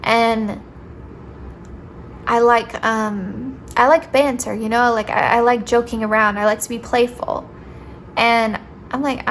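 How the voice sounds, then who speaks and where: A woman's voice: fairly high pitch, steady tone, slow, pauses often, a little hiss or hum. A young woman with a sweet voice giving a casual, playful tarot reading, talking directly to her viewers and saying "like" often. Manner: chatty, playful, says "like" often. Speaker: tarot reader.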